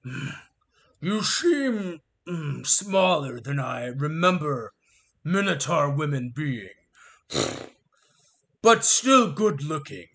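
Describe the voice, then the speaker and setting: A man's voice: on the high side, very animated, fairly bright tone, full character voice. A man playing a weary old minotaur king. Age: 30s. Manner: slow, sighing, creaky old-man delivery.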